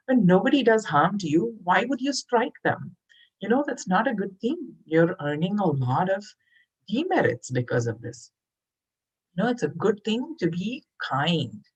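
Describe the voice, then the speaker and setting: A woman voicing a calm, patient male holy man in a storybook tale, gently teaching. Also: mid-range voice, a little slow, slightly rough, low-quality recording. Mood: coaxing.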